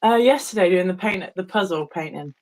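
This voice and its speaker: A woman guest from the UK chatting thoughtfully and softly while painting on a stream. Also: lowish voice, expressive, fairly quick, poor audio. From United Kingdom. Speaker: guest artist. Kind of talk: casual chat while painting.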